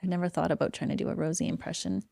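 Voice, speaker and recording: A woman's voice: on the low side, steady tone, racing, gravelly, mellow, dry recording. A woman co-hosting a podcast in casual chat, agreeable and laughing often. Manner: giggly, agreeable, frequent laughter. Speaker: podcast co-host.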